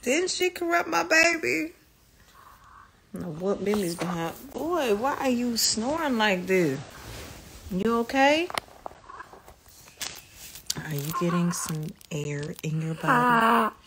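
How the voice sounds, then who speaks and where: A woman's voice: on the high side, big pitch swings, slow pace, pauses often, a bit bright, a little hiss or hum. A woman, a mother chatting casually with her young son in a family vlog, laughing often and teasing him. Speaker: mother and vlogger.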